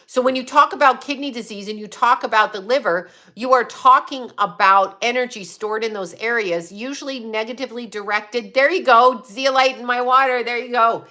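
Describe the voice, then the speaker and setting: Bright-voiced, blunt woman chatting on a livestream. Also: fairly high pitch, normal speed, few pauses. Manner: rambling, blunt and profane, with frequent laughs. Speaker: psychic medium livestream host. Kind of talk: casual livestream chat answering viewers.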